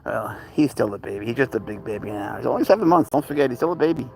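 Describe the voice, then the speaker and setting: A man's voice: medium pitch, animated, fast talker, gravelly, a little mellow. A man hosting a casual live stream with his pet cat. He rambles through stories in a conversational way and breaks into baby talk when he speaks to the cat. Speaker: livestream host and pet owner; teacher.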